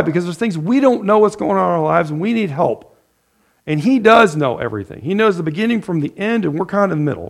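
A man's voice: high voice, gravelly. A middle-aged man preaching a sermon in a loose, conversational way, full of fillers and restarts, acting out people's prayers. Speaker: pastor.

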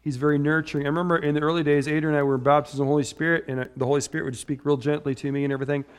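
A man's voice: on the high side, flat delivery, rapid-fire. A middle-aged man preaching a casual, conversational sermon, wandering into personal stories and often checking in with "right?". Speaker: pastor.

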